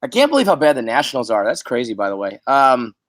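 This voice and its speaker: A man's voice: mid-range voice, huge pitch swings, quick pace, a bit bright, dry recording. A man hosting a casual sports podcast from an office, profane and exasperated as he talks. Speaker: podcast host.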